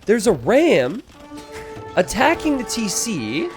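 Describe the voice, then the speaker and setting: A man giving casual strategy game commentary, excitable, laughing and exclaiming at players' blunders. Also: high voice, slow, over music.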